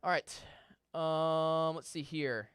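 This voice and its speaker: Smooth-voiced TV weatherman in conversation. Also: on the high side, fairly even intonation, takes it slowly, a bit bright, no room sound. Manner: conversational, reads viewer questions aloud; stumbles and restarts when searching for words. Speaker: meteorologist. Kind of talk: live weather Q&A. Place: TV station studio.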